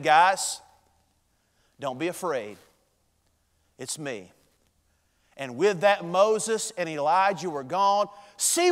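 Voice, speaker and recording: A male pastor, preaching a sermon with dramatic swings in loudness and pace. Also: sits high, long reverb tail.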